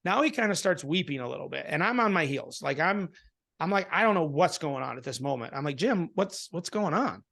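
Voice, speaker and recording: A man tells a personal story in a relaxed interview. He speaks with a fairly high voice, is animated, restarts a lot and acts out what people said. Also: a little fast, creaky. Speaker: interview guest. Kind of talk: casual storytelling in a conversation.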